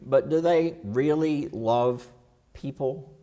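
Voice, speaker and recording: A man's voice: medium pitch, unhurried, darkish tone. A man teaches a Bible class in a church classroom. His manner is folksy and casual, and he keeps quizzing the students as he goes.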